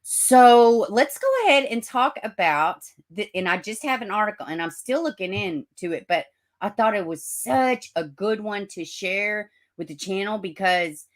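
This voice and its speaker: A woman's voice: mid-range voice, normal speed. A middle-aged woman hosting a casual livestream, greeting viewers by name, swearing and laughing at herself as she tells a story. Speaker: livestream host.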